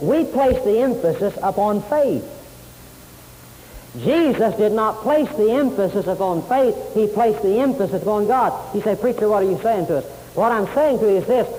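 A man's voice: high voice, a little mellow. A man preaching a sermon, emphatic, repeating key phrases and quoting scripture. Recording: hissy tape in a long-reverb hall.

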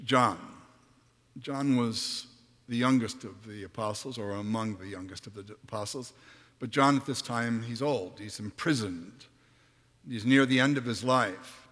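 Male preacher, slow and forceful, dramatic scripture reading, big reverberant church hall. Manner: dramatic, swings from hushed to booming when reading scripture. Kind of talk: sermon.

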